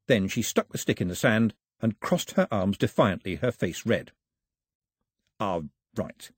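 A man narrating an audiobook in an expressive, storytelling manner on a close studio mic. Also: fairly low pitch, breathy edge, no room sound. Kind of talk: scripted narration.

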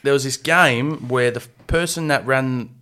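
A man with an Australian accent co-hosting a casual podcast, telling an animated story with laughs. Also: mid-range voice, unhurried, smooth. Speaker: podcast co-host.

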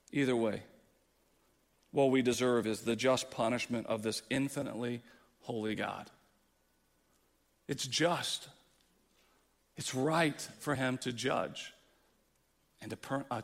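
A male pastor preaching a sermon with passion, dropping low and then rising loud. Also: takes it slowly, long pauses. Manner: impassioned preaching, swings from quiet to loud. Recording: long hall reverb.

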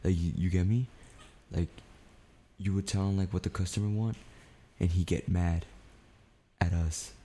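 A young man co-hosting a podcast tells a story loosely and profanely, packed with "like" and "dude." His voice is low, steady, and mellow, at a moderate pace.

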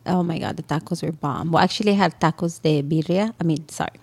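A woman's voice: sits low, quick pace, a little mellow, a little hiss or hum. A woman co-hosting a casual chat podcast, easygoing, giving a laid-back life update. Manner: easygoing, gives short replies and questions. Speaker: podcast co-host.

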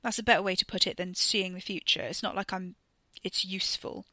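A woman's voice: fairly low pitch, steady tone, a little fast, bright, forceful tone, no room sound. Woman reading a cocky, rambling teenage boy. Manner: casual, rambling, boastful.

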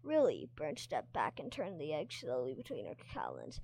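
A woman's voice: low-pitched, wildly swooping pitch, moderate pace, vocal fry, a little mellow. A woman reading a novel aloud expressively, now and then tripping over words and commenting on the characters. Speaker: reader and teacher.

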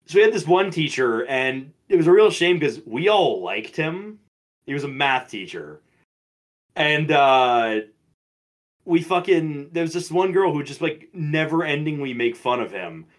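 A man's voice: on the high side, measured pace. A man in his twenties co-hosting a podcast, telling school stories in casual chat, swearing freely and acting out the people in them. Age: 20s. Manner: profane, animated, mimics people in stories. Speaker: podcast co-host.

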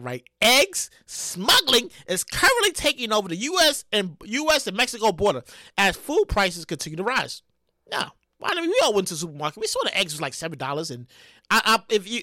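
Brief: high, lively-voiced male host, late 30s, bright and punchy, bursts into shouts, dry close recording. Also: no room sound. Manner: animated, loud outbursts, frequent laughing and swearing. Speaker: podcast host. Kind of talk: casual solo commentary.

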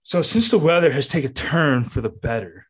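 A man's voice: fairly high pitch, expressive, a little fast, slightly rough. A man co-hosting a casual podcast, telling a long, rambling story full of swearing and filler words. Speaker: podcast co-host.

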